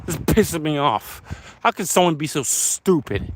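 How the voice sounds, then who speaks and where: A man's voice: on the high side, very animated, measured pace, fairly bright tone, a little hiss or hum. A man vlogging while walking outdoors, ranting at himself in a stream of swearing. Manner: swearing, self-berating rant. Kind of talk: walking vlog monologue. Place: outdoors along city streets.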